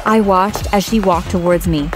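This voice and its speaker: A woman's voice: fairly low pitch, fairly even intonation, normal speed. A young woman narrating her own story in the first person, acting out her own lines with feeling. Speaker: narrator and lead character. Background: background music.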